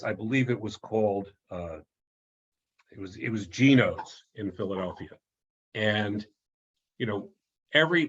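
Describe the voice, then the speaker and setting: A man's voice: medium pitch, slightly rough, dull audio. A man giving an online talk as an author, telling anecdotes in a chatty way, often restarting and chuckling at his own stories.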